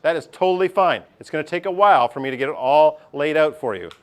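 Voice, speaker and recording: A man's voice: on the high side, animated, fast talker, clear, resonant tone. A male teacher, giving a chatty classroom lesson and often checking in with his class.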